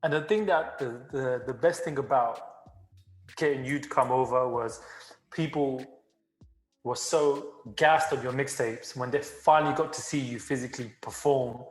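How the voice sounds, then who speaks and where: A man co-hosting a podcast, telling a story in a casual, animated way with frequent laughs and swearing. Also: medium pitch, moderate pace, soft background music. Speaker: podcast co-host. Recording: roomy echo.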